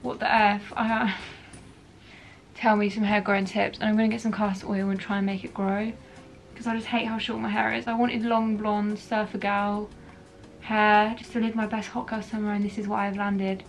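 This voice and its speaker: A woman's voice: medium pitch, level tone, moderate pace. A young woman, chatting frankly to camera in a casual vlog. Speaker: beauty vlogger.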